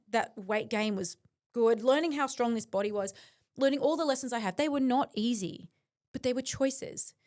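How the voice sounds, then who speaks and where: A woman, a guest on a podcast, speaking earnestly and intensely about her mindset, with frequent fillers. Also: fairly high pitch. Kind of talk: reflective interview talk.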